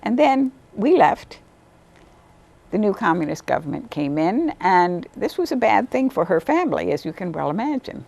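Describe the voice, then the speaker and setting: A woman, a volunteer literacy tutor, telling stories about her students in a lively interview, sometimes acting out what they said. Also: moderate pace, gravelly. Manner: animated, acts out quotes in a higher voice. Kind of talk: storytelling interview.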